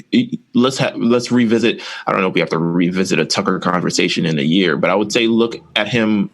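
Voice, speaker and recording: A man co-hosting a casual wrestling podcast, with a lowish voice. He rambles on, opinionated and full of likes and you-knows. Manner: rambling, opinionated, filler-heavy. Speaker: podcast co-host.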